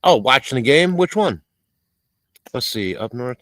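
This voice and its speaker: Casual live-stream host, a rambling, cursing man, lively pitch, dry close sound. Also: unhurried, no echo, poor audio. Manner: rambling, swearing, reading chat aloud. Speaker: livestream host. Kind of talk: casual live-stream chat while cooking outdoors. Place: outdoors in a rural area.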